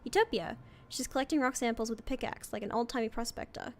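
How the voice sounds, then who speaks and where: A woman streamer reading a story game aloud, excitable, with squeals and dramatic reactions. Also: fairly high pitch, quick pace.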